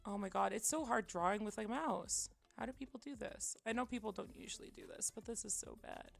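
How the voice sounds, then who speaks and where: Woman streamer, heavy vocal fry, rambling casual chat over faint music. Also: mid-range voice, brisk. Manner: rambling, self-deprecating, many fillers; drops to quiet mutters while concentrating. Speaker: livestreamer.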